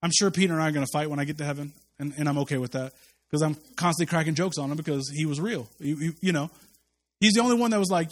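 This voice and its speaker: High-voiced joking male pastor. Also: rapid-fire. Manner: joking, conversational, acts out quotes. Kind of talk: casual sermon.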